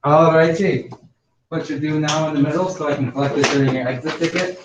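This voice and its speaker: A male math teacher giving classroom instructions, slowing down to spell out each step for students. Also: on the high side, background noise. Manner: instructive, slows down to spell out steps. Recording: echoey, distant, dull classroom recording.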